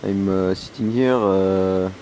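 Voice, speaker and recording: A hungover, tired man with a French accent talking casually outdoors on a deck, halting and full of fillers and slipping between English and French. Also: deep voice, steady tone, warm tone, slight background noise. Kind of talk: rambling casual vlog.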